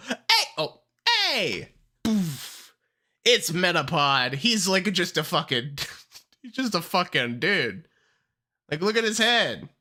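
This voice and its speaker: Excitable, foul-mouthed streamer with a lively voice. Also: mid-range voice. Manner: excitable and heavily profane, rants then laughs. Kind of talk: casual livestream commentary.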